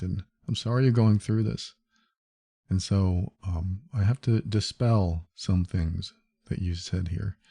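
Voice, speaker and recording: A man's voice: lowish voice, creaky, dark tone, breathy edge, no echo, studio quality. A man hosting a solo advice podcast, talking earnestly and reassuringly, thinking aloud with small restarts. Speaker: podcast host.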